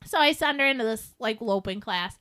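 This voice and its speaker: Casual podcast co-host: woman, high bright voice, lively storyteller who acts out quotes. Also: brisk. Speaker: podcast co-host, riding instructor.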